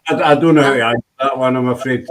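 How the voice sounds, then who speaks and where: A man's voice: mid-range voice, fairly even intonation, rapid-fire, crowd noise, rough recording. A man hosting a casual live-stream chat, laid-back and rambling with lots of fillers. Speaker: host.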